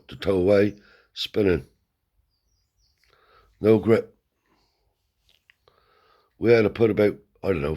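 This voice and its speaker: Husky deep-voiced man spinning a yarn. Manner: blunt, swears heavily, animated yarn-spinning. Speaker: storyteller. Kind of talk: casual spoken storytelling. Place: seated indoors.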